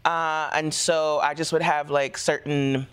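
Lively woman actor telling stories. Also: low voice, measured pace, clean tone. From central Pennsylvania. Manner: lively storytelling, acts out quotes. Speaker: actor, guest. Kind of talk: talk show interview.

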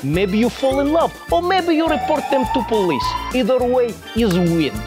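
A man's voice: very animated, normal speed, music in the background. A man voicing a pushy Russian state ad announcer in a parody commercial, with a mock Russian accent and broken English. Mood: bombastic. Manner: broken English, booming sales pitch.

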